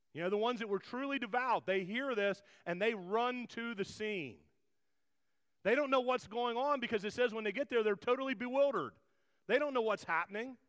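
A man's voice: very high voice, a bit bright. A man preaching a conversational sermon, rambling with frequent restarts and asides. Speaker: pastor. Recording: long hall reverb.

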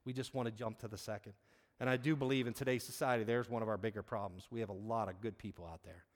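A man's voice: lowish voice, fairly even intonation, fast. A man giving a sermon in an earnest, conversational way, telling a personal story with frequent restarts. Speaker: preacher. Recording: long reverb of a large hall.

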